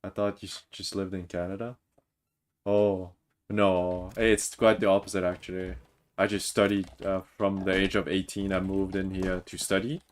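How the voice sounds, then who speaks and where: A man's voice: deep voice, level tone, normal speed. A man in his twenties from Mauritius, a native French speaker, chatting casually on a game livestream as he reads chat aloud and answers it, recorded at home on a desk mic. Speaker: game streamer. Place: home room, Toronto.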